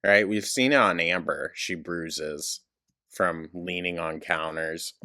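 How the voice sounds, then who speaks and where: A man's voice: low voice, slow, sharp tone. A man giving sarcastic reaction commentary over a clip, blunt and mocking, with laughing asides.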